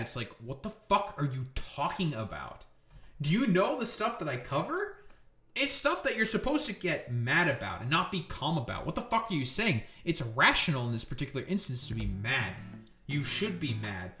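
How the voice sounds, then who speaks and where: A male streamer rants in a profane, sarcastic way, and his pitch swings widely as he talks. His voice is bright and forward, and it rings in an echoey room with faint music playing underneath. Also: animated, moderate pace. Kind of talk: ranting live commentary.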